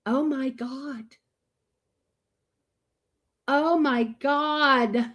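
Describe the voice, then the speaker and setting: A woman's voice: a little high, takes it slowly, long pauses. A woman hosting a live reaction stream, greeting viewers by name and speaking bluntly, with frequent swearing and disgusted groans. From Florida. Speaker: livestream host. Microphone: streaming microphone.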